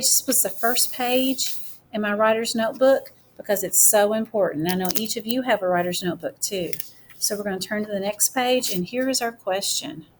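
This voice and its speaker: A woman teacher giving a classroom writing mini-lesson, speaking slowly and deliberately as she writes each word aloud. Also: mid-range voice, a little hiss or hum.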